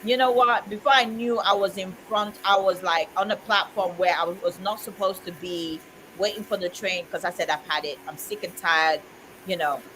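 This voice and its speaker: A woman's voice: medium pitch, steady tone, normal speed, a bit bright, slight background noise, poor audio. A woman in casual chat, telling a heartfelt personal story in an earnest way with frequent "you know"s. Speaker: co-host of a community chat stream.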